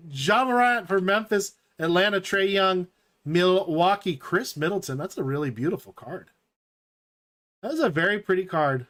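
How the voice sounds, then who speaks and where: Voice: mid-range voice, fairly bright tone. A live-stream host chatting enthusiastically while opening packs and reading out each card as it appears.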